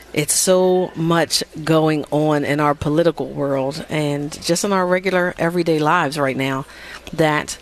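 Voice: mid-range voice, slight background noise. A radio host talking live in a casual, chatty, upbeat way, full of fillers and repeats, from a studio at a theater.

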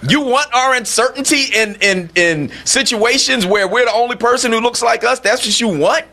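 A man's voice: extremely high pitch, normal speed, pushed and bright. A man hosting a call-in radio talk show, speaking emphatically and firing off rhetorical questions.

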